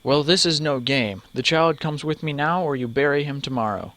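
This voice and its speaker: A man voicing a massive armored brute warrior, taunting and menacing in a slow, raised voice. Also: on the high side, very animated, no echo, voice pushed up.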